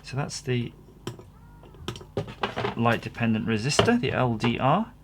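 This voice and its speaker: Give me a man with a gravelly voice casually talking through a kit build, self-deprecating and rambling. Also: medium pitch, big pitch swings, unhurried, heavy background noise. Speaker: electronics kit builder, channel host. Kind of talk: casual workbench commentary.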